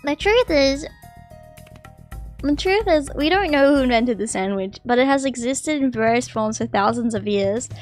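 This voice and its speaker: A high-pitched woman streams live, reading a text aloud and breaking off often to chat with her viewers. She gets loud and excitable, with quick bursts of apology and exclamation. Faint music plays under her voice.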